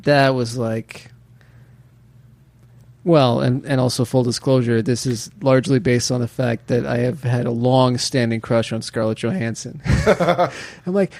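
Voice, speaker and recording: A man's voice: mid-range voice, little pitch movement, measured pace, gravelly, a little mellow, no echo. A man co-hosting a casual podcast chat, laughing often and slipping into goofy voices to retell scenes. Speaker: podcast co-host.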